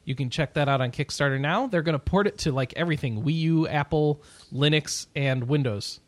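A man hosting a casual podcast, chatty and quick to laugh while he runs through news items. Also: on the high side, no echo. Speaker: podcast host.

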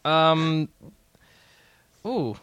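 A man's voice: on the high side, very slow, clean tone, dry recording, muffled recording. A young man hosting a gaming podcast, chatting casually, reading out news and jumping in to correct the others. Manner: excitable, cuts in to correct others. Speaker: podcast host.

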